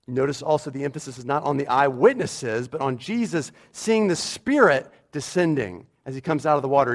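A pastor preaching a sermon in a church, emphatic and repeating his key phrases for weight. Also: mid-range voice.

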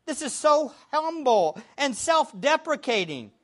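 A man preaching a sermon, with expressive delivery, sometimes shouting the quoted words. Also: extremely high pitch, unhurried. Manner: expressive preaching, shouting acted quotes, laughing between points.

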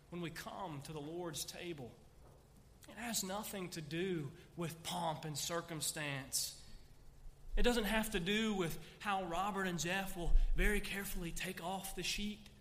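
A man's voice: high-pitched, measured pace, a bit bright, in a large hall, slight background noise. A man preaching a sermon as pastor, reading scripture aloud with emphatic, rising recitations. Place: church sanctuary.

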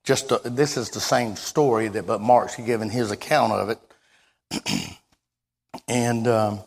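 A man preaching a sermon in a folksy, halting way, repeating himself and then breaking into sudden loud exclamations. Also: lowish voice, fairly even intonation, creaky, husky.

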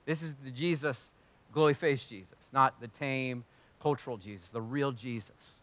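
A man preaching a sermon in an animated way, swinging from loud, emphatic lines to quiet, low ones. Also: normal speed. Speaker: pastor.

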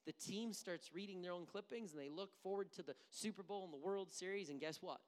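A pastor delivering a sermon, shifting between hushed near-whispers and loud, emphatic bursts. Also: medium pitch, a little fast, in a large hall.

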